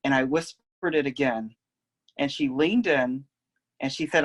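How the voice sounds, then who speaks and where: A young man telling a personal story in a gentle, reflective, unhurried way. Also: on the high side, lively intonation. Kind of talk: personal oral history storytelling.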